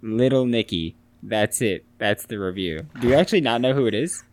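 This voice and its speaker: A young man co-hosting a sports podcast, retelling scenes with animated storytelling and teasing his friend. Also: medium pitch, fairly quick, slight background noise. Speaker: podcast co-host. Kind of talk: casual chat.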